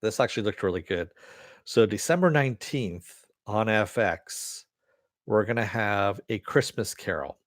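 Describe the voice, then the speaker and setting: A man's voice: lowish voice, animated, a little slow, no room sound, studio quality. A man hosting a podcast, chatting casually and rambling through entertainment news with a laid-back, profane manner and frequent laughs. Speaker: podcast host. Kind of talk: casual chat reading listener comments.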